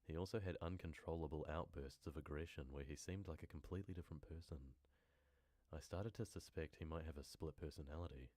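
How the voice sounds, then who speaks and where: A man's voice: very deep voice, quick pace, a little mellow, no echo. A man reading true horror stories on a live stream and chatting casually with viewers between passages. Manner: casual, rambling asides to chat. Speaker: horror story narrator and streamer.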